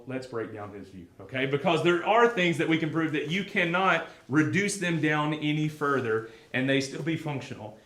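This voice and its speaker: A man's voice: medium pitch, fairly bright tone. A man teaching a Bible class in a casual, conversational way, often asking the class questions. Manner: conversational, asks the class questions, many fillers. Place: classroom or church hall. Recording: echoey room.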